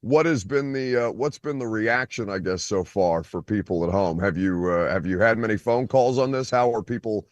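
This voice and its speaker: A man's voice: lowish voice, normal speed, hardly any pauses, dry recording, dull audio. A man hosting a sports radio show, calling in over a video call from a beach on vacation, teasing and mock-indignant. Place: outdoors by a beach.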